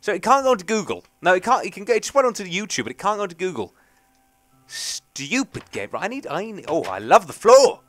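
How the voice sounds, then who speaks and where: A young man hosts a let's play, rambling and joking at his own expense. His voice sits a little high and swings widely in pitch. The sound is close and dry. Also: big pitch swings, very fast, hardly any pauses, a bit bright, dry recording, soft background music. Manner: rambling, chatty, self-mocking. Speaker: gaming channel host.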